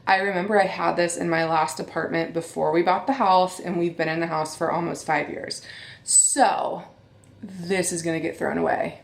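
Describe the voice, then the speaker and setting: A woman in her thirties talks casually and candidly to her viewers, as a beauty vlogger would. Her voice sits a bit low. The room around her is echoey. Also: fairly even intonation, moderate pace, gravelly. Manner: chatty, candid, addresses viewers as you guys. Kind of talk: casual chat.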